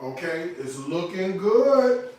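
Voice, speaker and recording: A man's voice: sits high, big pitch swings, slow pace, a little mellow, echoey room. A man hosting a casual home cooking tutorial in his kitchen, sassy and profane, tipsy from liquor as he rants about bad food. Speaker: home cook, cooking show host.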